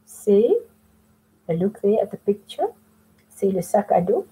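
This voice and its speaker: A woman's voice: medium pitch, expressive, unhurried, warm tone, slightly rough, poor audio. A woman teaching French to students in a remote lesson, patiently explaining step by step and mixing in French phrases.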